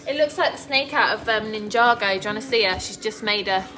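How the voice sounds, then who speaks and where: A woman's voice: mid-range voice, fast talker, sharp tone, distant mic. A woman chatting to live viewers while cooking at home, laughing often. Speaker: cooking vlogger. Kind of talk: live-stream cooking chat. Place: home kitchen. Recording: echoey kitchen, clattering pots.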